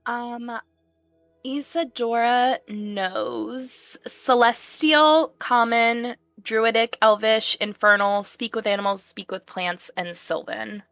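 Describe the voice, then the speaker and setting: An unhurried woman speaking as a player in a tabletop game, narrating what her character does between long trailing fillers. Her slow pace gives the talk a laid-back feel, and the sound is dry and close. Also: on the high side, steady tone, fairly bright tone, dry recording, faint music behind. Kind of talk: casual chat and in-character narration.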